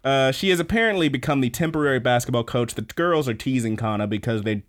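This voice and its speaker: A man's voice: mid-range voice, fast. A man hosting a podcast, recapping an episode in a casual, rambling way with lots of fillers and restarts. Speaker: podcast host.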